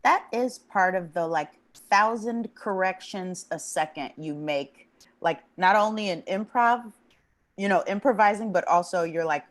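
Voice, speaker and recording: A woman's voice: mid-range voice, a little slow. A woman panelist in a casual discussion, speaking her thoughts aloud as a string of rhetorical questions. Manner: voices rhetorical inner questions.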